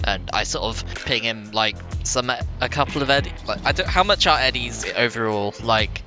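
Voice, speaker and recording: A man's voice: medium pitch, lively intonation, moderate pace, bright, forceful tone, faint music behind. A man playing a tabletop game, casual and swearing often. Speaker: player. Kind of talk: tabletop role-play chat.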